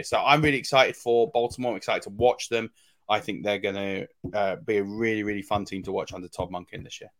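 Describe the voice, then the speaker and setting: A man's voice: on the low side, a bit bright, dry recording. A man co-hosting a fantasy football podcast, giving casual analysis with many ums and restarts.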